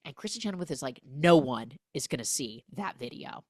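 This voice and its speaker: A young adult woman hosting a casual, comedic film recap podcast, acting out the characters' lines in quick, exaggerated voices. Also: very deep voice, lively intonation, a little mellow, no echo, clean studio sound.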